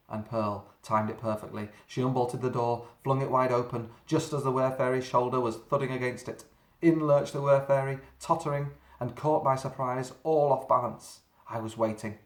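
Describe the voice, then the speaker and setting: A man reading a children's story aloud, dramatic and slowing down for suspense. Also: mid-range voice. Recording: roomy echo.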